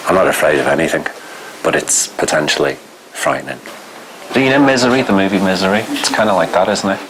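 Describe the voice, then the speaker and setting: A man in a documentary, talking in a camp, sardonic and blunt way. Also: sits low. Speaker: documentary subject. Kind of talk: candid documentary talk. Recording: noisy room ambience.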